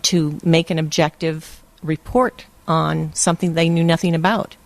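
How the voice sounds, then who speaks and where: An older woman from Hawaii telling lively stories in a casual interview and laughing often. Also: low voice, moderate pace, no echo. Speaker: interview guest. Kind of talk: casual storytelling.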